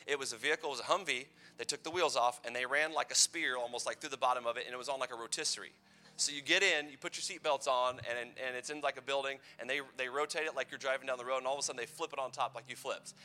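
A man's voice: mid-range voice, steady tone, rapid-fire, bright, forceful tone. A man in his thirties giving a playful, conversational youth sermon full of personal stories. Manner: playful, conversational, teasing asides. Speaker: youth pastor.

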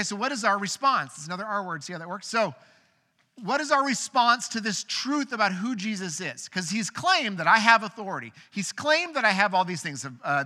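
A man in his thirties delivers a sermon in a high, strikingly bright voice. He tells his story earnestly, moving between hushed moments and emphatic pushes. The sound carries a long reverb from a large church hall. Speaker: pastor.

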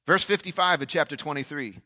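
A man preaching an energetic Easter sermon as pastor, shifting between loud fervent bursts and quiet, reflective asides. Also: fairly high pitch, a little fast. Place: large church sanctuary. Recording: long church hall reverb.

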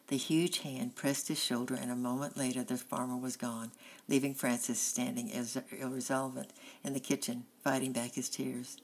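A woman narrates a children's storybook in a steady, unhurried voice. Her pitch is strikingly low, and a gravelly creak runs under her words. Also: rough recording. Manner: steady, plain reading. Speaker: audiobook reader.

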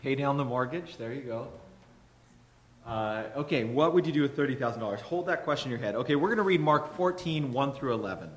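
A man's voice: medium pitch, expressive, fairly quick. Rambling man leading a Bible study. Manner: rambling, self-correcting, many fillers. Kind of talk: casual teaching and scripture reading.

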